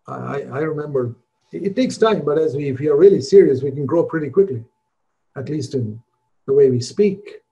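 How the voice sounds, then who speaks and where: An older man preaching a sermon in an earnest, conversational way, rising in pitch on the points he stresses. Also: lively intonation, fairly quick, creaky, dark tone, lo-fi sound. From India.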